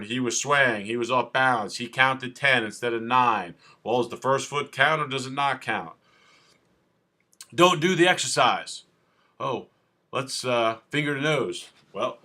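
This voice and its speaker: A man, a defense attorney, giving off-the-cuff legal advice to the camera in an animated, sarcastic way. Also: medium pitch, a little slow. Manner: animated and sarcastic, mimics police officers.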